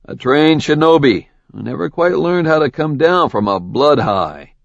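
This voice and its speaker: A stern immortal leader, as a male narrator puts him on, calm, dry and used to giving orders. The delivery is measured and even, on a dull, dry audiobook recording. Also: on the high side, gravelly, no room sound, voice pushed up, full character voice.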